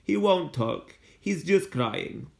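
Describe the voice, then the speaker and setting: A man voicing a frightened, gentle young girl with a soft manner who pleads timidly in a storybook read-aloud. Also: fairly high pitch, sing-song, takes it slowly, creaky, heavily acted. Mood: anxious.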